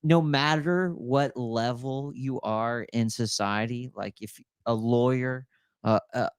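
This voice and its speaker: A man's voice: mid-range voice, takes it slowly, smooth, no echo, studio quality. A man in casual podcast chat, full of slang like bro and dude. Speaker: podcast co-host.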